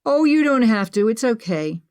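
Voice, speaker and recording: A woman voicing a sardonic young woman adventurer who jokes slowly and dryly. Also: on the high side, sing-song, a little mellow, clear, resonant tone, voice pushed up. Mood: wry. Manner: sardonic, slow, joking.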